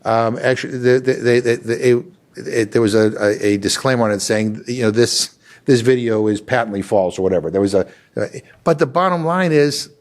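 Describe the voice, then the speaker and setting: An older man, a congressman, talking casually with frequent restarts and fillers, growing animated as he tells a story. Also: medium pitch, a little fast. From Massachusetts. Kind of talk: casual conversational talk.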